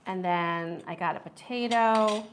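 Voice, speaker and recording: A woman's voice: on the low side, a little slow, slight background noise. A woman hosting a casual live-stream food review, chatty and enthusiastic, reading viewer comments aloud.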